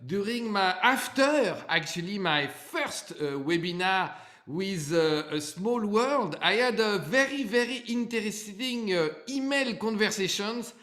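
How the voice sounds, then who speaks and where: A middle-aged man with a French accent speaks slowly over a video call, friendly and halting, pausing often on fillers. His voice sits high for a man. An echoey room surrounds the sound. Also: expressive, fairly bright tone. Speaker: webinar speaker. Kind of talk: live webinar talk.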